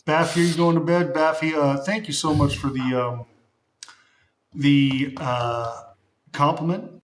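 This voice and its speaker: A man's voice: on the high side, steady tone, measured pace. A man and streamer who talks casually and reflectively, rambling with many restarts. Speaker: streamer and bodybuilder. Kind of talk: casual live-stream chat. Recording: echoey room.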